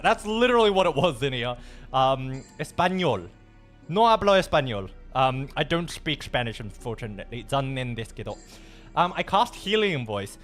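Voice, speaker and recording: A man's voice: fairly high pitch, animated, brisk, a bit bright, soft background music. A man chatting casually on a livestream, swearing freely and dropping in Japanese phrases.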